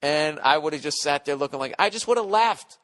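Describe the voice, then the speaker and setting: A man's voice: on the high side, lively intonation, a little fast, fairly bright tone, in a large hall. A man hosting a podcast, telling a comic story in a profane rant and acting out his own outbursts. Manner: ranting, swears constantly, acts out his own outbursts. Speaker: podcast host. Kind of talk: profane comedic storytelling monologue.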